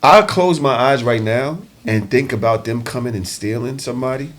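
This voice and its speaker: A man, a guest on a podcast, speaking with passion and profanity, swinging from low brooding tones to loud outbursts. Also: moderate pace. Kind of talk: casual podcast discussion.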